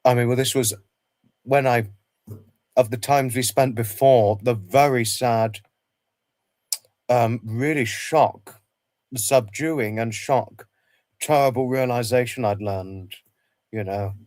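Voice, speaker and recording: A man speaks on a casual livestream in a middle-pitched voice, talking haltingly, circling back and repeating phrases as he gropes for words. The sound is dry and close, with no room around it. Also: fairly even intonation, a little mellow, no echo. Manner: halting, repeats himself, many restarts. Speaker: livestream host.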